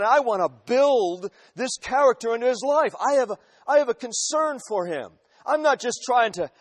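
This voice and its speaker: A man in his forties preaching a sermon, telling illustrations emphatically and repeating phrases for weight. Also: high-pitched. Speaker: pastor.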